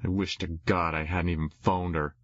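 A man's voice: low voice, flat delivery, normal speed, no room sound. A man giving a wry, rambling first-person audiobook narration on a dull lo-fi recording. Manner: wry, rambling confessional delivery.

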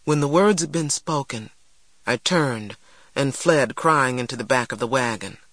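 A man giving earnest, measured scripted narration of a first-person novel. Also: mid-range voice, bright, forceful tone, no room sound. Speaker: audiobook narrator.

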